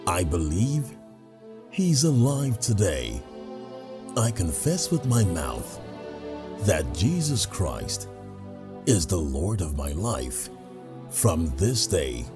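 A man's voice: sits low, very animated, takes it slowly, pauses often. A man reading a solemn scripted closing prayer as announcer. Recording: music bed behind the voice.

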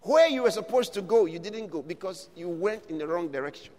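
A man preaching a sermon, building from steady teaching to shouted declarations. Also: high-pitched, brisk, big-room sound.

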